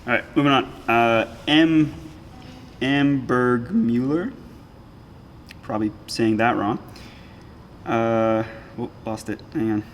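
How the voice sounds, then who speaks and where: A man co-hosting a podcast, reading listener questions and answering in a thoughtful, halting way. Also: medium pitch, steady tone, a little hiss or hum. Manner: thoughtful, halting, restarts phrases. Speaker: podcast co-host. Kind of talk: casual chat.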